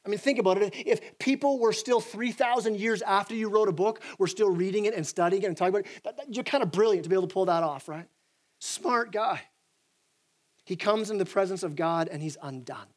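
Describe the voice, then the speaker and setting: High-voiced man preaching a sermon. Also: a little fast. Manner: animated preaching with many restarts and acted-out quotes. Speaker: pastor.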